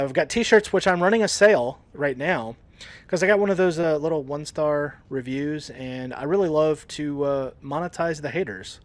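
A man hosting a podcast, chatting casually and laughing often, in a relaxed, joking way. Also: fairly high pitch. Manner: laid-back, jokey, laughs often. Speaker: podcast host. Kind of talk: casual chat.

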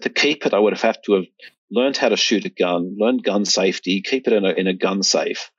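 Deep husky guy, stops and restarts a lot, kinda dull muffled audio. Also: no echo. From Australia. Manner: halting, many restarts. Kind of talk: casual storytelling.

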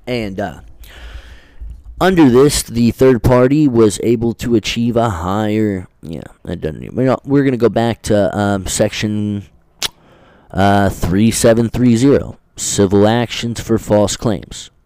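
A man's voice: fairly low pitch, unhurried, warm tone, no echo. A man hosting a podcast, rambling through legal points with many fillers and restarts, then reading statute text aloud in a casual way, now and then swearing. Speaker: podcast host.

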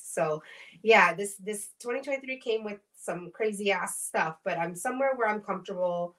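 A woman in casual podcast chat, telling lively stories and acting out what others said, swearing freely. Her voice sits at a middle pitch. She sounds a bit distant from the microphone. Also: normal speed. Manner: animated storytelling, acts out quoted voices, swears freely. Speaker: podcast co-host.

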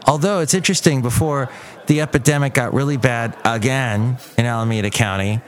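A man's voice: mid-range voice, brisk, faint music behind. Rambling, self-mocking man. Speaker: podcast host. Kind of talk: casual comedic monologue.

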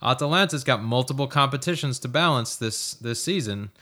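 A man's voice: medium pitch, lively intonation, brisk, bright, forceful tone. Laid back guy on a sports podcast, hesitant, says uh a lot. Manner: easygoing, hesitant with many "uh"s. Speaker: podcast co-host. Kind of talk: casual sports chat.

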